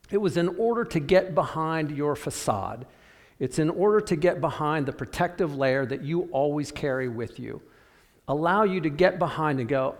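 A man preaching a sermon, telling a story and acting out the voices of biblical figures, with sudden drops to a quiet voice. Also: fairly high pitch, big-room sound. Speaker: pastor.

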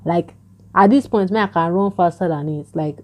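Excitable woman recapping a show. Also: fairly low pitch, moderate pace. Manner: excitable, acts out characters' lines. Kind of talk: casual plot recap.

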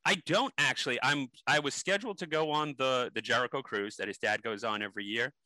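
A man's voice: medium pitch, brisk, sharp tone, no echo, rough recording. A man being interviewed, telling stories animatedly with many ums and restarts. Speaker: interview guest. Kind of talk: casual interview storytelling.

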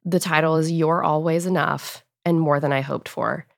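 A woman's voice: sits low, steady tone, moderate pace, vocal fry, no room sound, clean studio sound. A woman in her thirties, an author guest talking about her book on a podcast, emotional and laughing often. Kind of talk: podcast interview.

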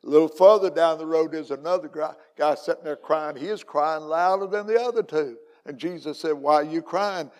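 A man's voice: on the high side, a little fast, hardly any pauses, darkish tone, in a large hall. An older man, an evangelist, preaching a folksy, joking sermon in a church with plenty of fillers. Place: church sanctuary.

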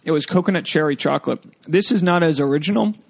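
A man's voice: on the high side, gravelly. A man hosting a podcast, chatting casually and joking loosely with his guest. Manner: quick, joking, loose interviewer. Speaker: podcast host.

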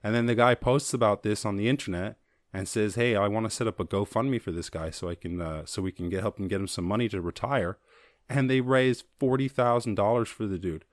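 Male solo podcast host, low voice, profane jokey riffing, dry close recording. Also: no room sound. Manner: loose, profane, jokey, acts out quick voices. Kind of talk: casual comedic monologue.

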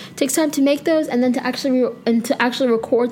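A woman's voice: fairly high pitch, fairly quick, slight background noise. A woman in her twenties hosting her own podcast, chatting casually and self-deprecatingly from her bedroom at home, often drifting off topic. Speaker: podcast host. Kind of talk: casual solo chat.

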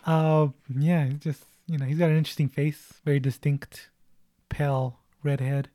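A man's voice: a little high, level tone, normal speed, dark tone, no room sound, clean studio sound. A man chatting casually about a movie, laughing often and retelling scenes.

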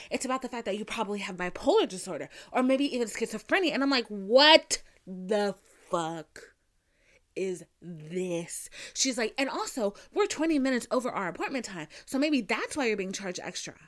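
A young woman with a slightly high voice hosts a podcast and tells her story as a casual, heated rant. She swears freely and acts out what others said to her, switching into their lines as she goes. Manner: blunt, profane, animated retelling with mimicked quotes. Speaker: podcast host.

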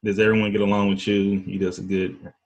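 A man with an East Texas accent hosting a casual chat, talking slowly in a laid-back drawl. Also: lowish voice, monotone. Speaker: podcast host.

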